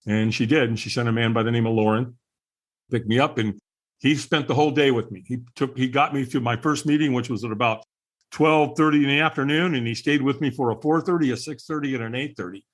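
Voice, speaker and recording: A man's voice: medium pitch, quick pace. Earnest middle-aged man telling his story. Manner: earnest, candid, chuckles between stories. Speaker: podcast guest. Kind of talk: personal storytelling in conversation.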